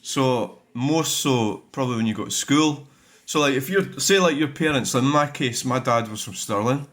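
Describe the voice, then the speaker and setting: Scottish man, middle-aged, host-style comment review, blunt, sweary, meandering, average pitch. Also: normal speed, fairly bright tone. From Scotland. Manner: rambling, blunt, swears freely. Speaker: dashcam channel host. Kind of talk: casual vlog talk while reviewing comments.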